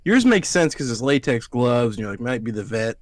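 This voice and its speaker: A podcast co-host from Alabama tells rambling, profane stories in casual chat and acts out what other people said. His mid-range voice swings widely in pitch, and he talks briskly with no room sound.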